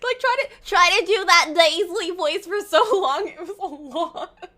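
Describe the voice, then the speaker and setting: A woman streaming a game, chatting in a giggly, excitable way. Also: extremely high pitch, moderate pace. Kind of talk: casual chat while playing a game.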